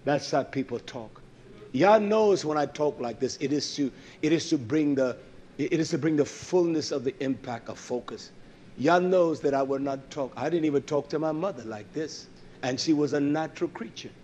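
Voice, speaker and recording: A high-voiced man preaching a fiery sermon. He swings between loud, wailing emphasis and low, muttered asides. He scolds his listeners and drops Hebrew words into his English. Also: expressive, moderate pace, slightly rough.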